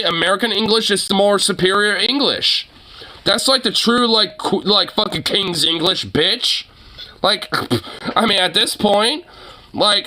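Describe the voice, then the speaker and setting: Crude ranting streamer guy, super bright sharp voice, bit high. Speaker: streamer reacting to posts. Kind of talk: casual reaction rant.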